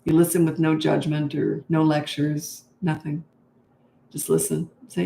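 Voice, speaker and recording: A woman's voice: deep voice, little pitch movement, a little slow, vocal fry, dark tone, slight background noise. Chatty older woman in an echoey room. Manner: chatty, frank and laughing easily. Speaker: parenting coach. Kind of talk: answering interview questions. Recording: roomy echo.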